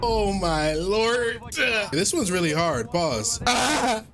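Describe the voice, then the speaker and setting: A man giving casual, excitable gameplay commentary, loud and profane, with plenty of slang. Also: high-pitched, slow pace, music in the background. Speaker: gaming YouTuber.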